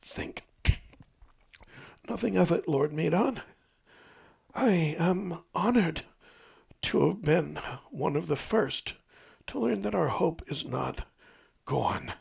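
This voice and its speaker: Wounded loyal guardsman, read by a man; strained, formal, gravelly, muffled recording. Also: a little high, animated, slow pace, long pauses, voice pushed up, heavily acted. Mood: pained.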